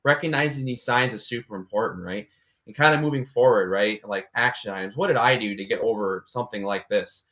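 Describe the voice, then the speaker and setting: A man's voice: on the low side, brisk, a bit bright. A young man speaking on an online panel, earnest and casual, sprinkling his talk with "right?" and "you know". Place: online video call.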